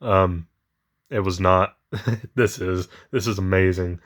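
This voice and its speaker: A man's voice: low voice, steady tone, takes it slowly, fairly bright tone. A man chatting casually while unboxing collectible toys, rambling with many fillers, his voice shaky with emotion. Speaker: toy collector vlogger.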